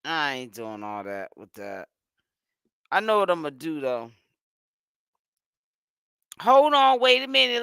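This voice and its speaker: A woman's voice: sits low, sing-song, slow, long pauses, fairly bright tone, clean tone, dry recording. A woman hosting a casual gossip commentary vlog, sassy and chatty, tired and yawning while she talks. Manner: sassy and chatty, calls listeners honey and child. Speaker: host.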